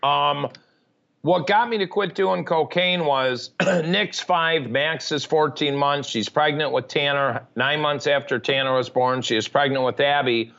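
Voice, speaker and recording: A man's voice: a little high, a little slow, vocal fry, a bit bright, muffled recording. A man telling his life story frankly and matter-of-factly as a podcast guest. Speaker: podcast guest, recovery advocate. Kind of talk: candid storytelling interview.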